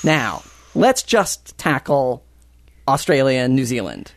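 A man's voice: medium pitch, very animated, slow pace, slight background noise. An American man with an American accent, hosting a casual chat, asking rambling, joking questions. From United States.

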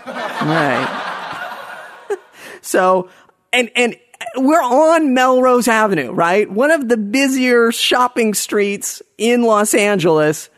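A man telling a personal story to an audience in a self-mocking, halting way, with many restarts. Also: very high-pitched, lively intonation, a bit bright, no echo, clean studio sound.

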